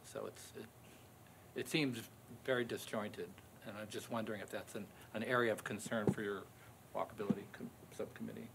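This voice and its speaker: A man on a city commission asking a long question at a public meeting, slowly and carefully, searching for words. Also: lowish voice, fairly even intonation, creaky, noisy background.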